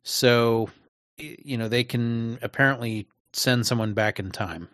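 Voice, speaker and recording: A man's voice: mid-range voice, unhurried, fairly bright tone, no room sound, clean studio sound. A man in casual chat about a TV episode, conversational with wry asides. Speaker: podcast co-host.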